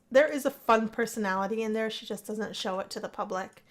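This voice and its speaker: A woman giving chatty, excitable commentary as she plays a life-simulation game, gasping and gushing over what happens. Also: fairly high pitch, brisk, hardly any pauses. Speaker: gameplay narrator. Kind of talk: casual let's play commentary.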